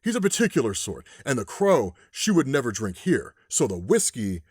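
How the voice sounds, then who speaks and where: A man doing a slow, low Western drifter. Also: wildly swooping pitch, husky, dry recording, studio quality. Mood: menacing. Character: grim drifter in white, cold and menacing.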